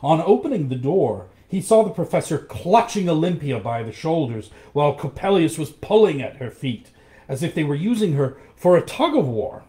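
Expressive male storyteller. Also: on the high side, moderate pace. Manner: expressive, acts out the characters. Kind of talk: reading a storybook aloud.

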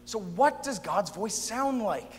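A man performing a dramatic spoken-word monologue, expressive and shifting between soft and loud. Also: sits high, slow, long reverb tail, a little hiss or hum. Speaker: performer in a youth event drama sketch.

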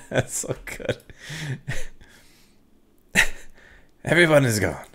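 A man's voice: medium pitch, very animated, extremely slow, fairly bright tone. A man doing let's play commentary, laughing constantly as he reads the game's dialogue aloud. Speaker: gaming video host.

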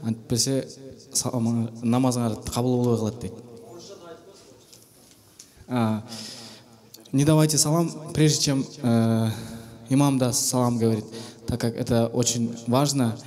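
A man interpreting an imam's talk for listeners, speaking quickly with hesitant fillers. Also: mid-range voice, steady tone, dark tone.

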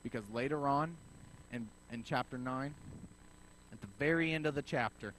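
A man preaching a sermon as pastor, telling a story in a lively way and acting out both sides of the conversation. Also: medium pitch, moderate pace, slight background noise, rough recording. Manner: animated storyteller acting out dialogue.

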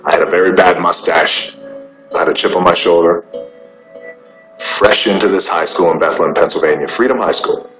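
A man and interview guest, telling personal stories in a measured, unhurried way with pauses. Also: deep voice, fairly even intonation, a bit bright. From United States. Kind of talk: casual storytelling. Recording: roomy with faint music behind.

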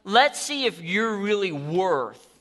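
A man's voice: high-pitched, sing-song, slow pace, fairly bright tone, heavily acted. A preacher doing a fed-up king. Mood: suspicious. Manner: exasperated, talky, slangy. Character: impatient ancient king, demanding and fed up.

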